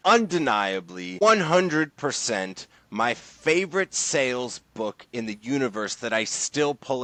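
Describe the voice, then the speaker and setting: An enthusiastic man appears as a guest on a podcast interview; he's a sales leader and author. His medium-pitched, fairly bright voice is recorded dry, and he talks emphatically and casually with lots of slang.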